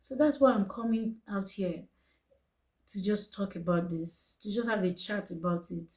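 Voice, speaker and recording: A woman's voice: medium pitch, normal speed, darkish tone, rough recording. A young woman with a Nigerian English accent telling her birth story to camera in an earnest, emotional way, repeating phrases for emphasis. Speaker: vlogger.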